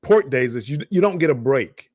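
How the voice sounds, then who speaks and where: A middle-aged man chats on a live cruise stream and rambles through his stories, restarting often and repeating words. His voice sits at an ordinary pitch. The recording is dry and close. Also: expressive, moderate pace, darkish tone, no room sound. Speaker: cruise show co-host. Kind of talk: casual live-stream chat.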